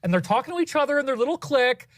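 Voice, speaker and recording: A man's voice: very high-pitched, expressive, very fast, dry recording, clean studio sound, pitched above the performer's own voice. A man voicing a gossipy, snide young valley-girl woman who fills her talk with "like". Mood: catty. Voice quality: valley girl drawl full of "like". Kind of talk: mocking impression in a video clip.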